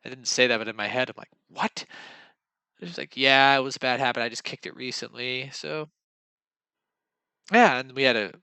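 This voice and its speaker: A man's voice: mid-range voice, normal speed, pauses often, sharp tone, smooth, dry recording. A young man telling casual dating stories in a rambling, self-mocking way, acting out what people said. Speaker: vlogger. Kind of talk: casual storytelling monologue.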